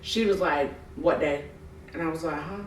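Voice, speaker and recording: A woman hosting a podcast, telling stories in a lively way and acting out other people's voices with frequent laughter. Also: low voice, moderate pace, a little hiss or hum. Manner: animated storyteller acting out voices, laughing often. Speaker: podcast host. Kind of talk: casual podcast chat. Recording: roomy, distant mic.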